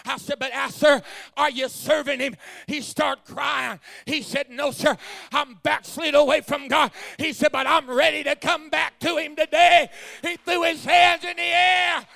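A man preaching a sermon. He tells stories in a low voice, repeats words as he starts phrases, and builds up to shouting. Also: steady tone, unhurried, creaky.

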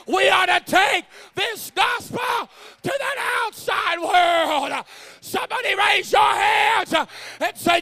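A man preaching a sermon. He tells stories in a low voice, repeats words as he starts phrases, and builds up to shouting. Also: gravelly.

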